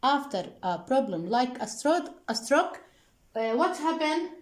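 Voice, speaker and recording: A woman teaching an English workbook lesson with an Arabic accent, slowly repeating answers and prompting the class with questions. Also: sits high, sing-song, echoey room, low-quality recording. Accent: Arabic-speaking. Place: classroom with a board.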